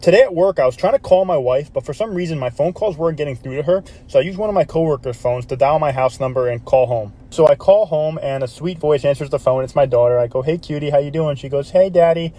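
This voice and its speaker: A man's voice: a little high, fast talker, hardly any pauses. A man, a father, telling a joke as a first-person story and acting out the voices in it. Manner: animated, acting out quoted voices.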